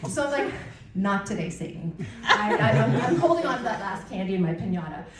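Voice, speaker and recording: A middle-aged woman performing a stand-up routine, telling stories in an animated, self-mocking way on a comedy club stage. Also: fairly high pitch, fast talker, very noisy. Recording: distant mic in an echoey room with a loud crowd. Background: audience laughter and cheers.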